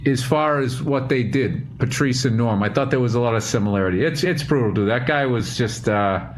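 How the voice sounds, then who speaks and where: A man's voice: mid-range voice, brisk, a little hiss or hum. A man on a video call talking in a reflective, rambling, profane casual chat. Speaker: podcast host.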